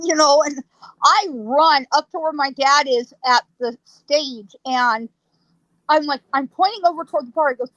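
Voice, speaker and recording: A woman, a psychic guest, telling a ghost story in a lively way, laughing often and acting out sounds. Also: high voice, normal speed, no room sound, low-quality recording.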